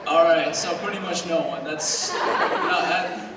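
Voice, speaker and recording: A man's voice: a little high, takes it slowly, a loud crowd, heavy background noise. Teen boy doing stand-up in an echoey hall. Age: teens. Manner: casual, rambling, self-mocking, with brief put-on voices. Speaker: student stand-up comedian. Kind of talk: stand-up comedy set. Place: school auditorium stage. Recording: very echoey hall recorded from far off.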